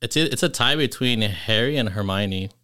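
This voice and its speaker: Young man, very deep voice, bright edge, hesitant casual chat. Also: normal speed. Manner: hesitant, mumbling, laid-back.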